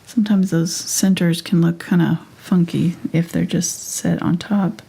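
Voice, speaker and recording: A woman leading a live painting tutorial, talking through each step in a soft, half-whispered, casual way. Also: lowish voice, fairly even intonation, measured pace, creaky, breathy edge. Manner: casual, chatty asides. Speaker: painting instructor.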